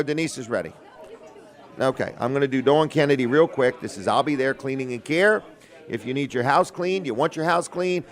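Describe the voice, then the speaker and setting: A man hosting a local radio show, pitching sponsorships in a folksy, joking patter. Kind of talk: casual radio talk and sales pitch.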